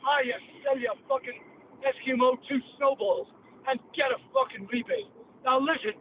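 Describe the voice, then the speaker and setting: A man's voice: very high-pitched, moderate pace. An older man from England, ranting bluntly and profanely as a guest on a call-in show. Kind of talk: heated call-in rant. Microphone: phone line. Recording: tinny phone line with faint noise.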